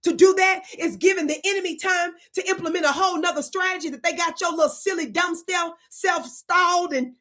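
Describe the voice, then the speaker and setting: A woman's voice: extremely high pitch, a little fast, hardly any pauses, a bit bright. A woman hosting her own channel, delivering a fiery, preachy commentary monologue that scolds viewers, stretches words out for emphasis and keeps asking if they are listening. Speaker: channel host.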